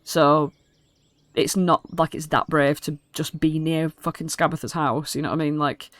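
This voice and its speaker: A woman's voice: deep voice, little pitch movement, normal speed, no echo. A British woman narrating a tabletop game as dungeon master in a casual, rambling, sweary way.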